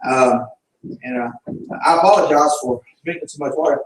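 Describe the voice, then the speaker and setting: A middle-aged missionary man with a Southern accent tells folksy stories and preaches with fervor, his voice a little higher than most men's. He is heard from some distance in a roomy, echoing church sanctuary. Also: normal speed. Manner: folksy storytelling, fervent preaching. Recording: echoey church room from a distance.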